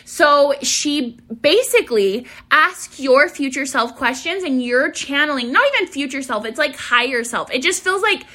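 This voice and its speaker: A woman's voice: sits high, moderate pace, hardly any pauses. A young woman hosting her own podcast, talking casually and bubbily with a lot of inflection. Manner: bubbly, lively inflection. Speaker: podcast host. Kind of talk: casual solo podcast intro.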